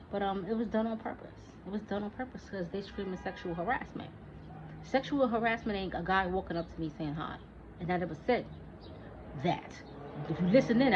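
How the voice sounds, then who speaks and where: A woman in her forties ranting in a casual monologue, profane and heated, talking back at an imagined listener. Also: fairly low pitch. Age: 40s. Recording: dull lo-fi recording with faint noise.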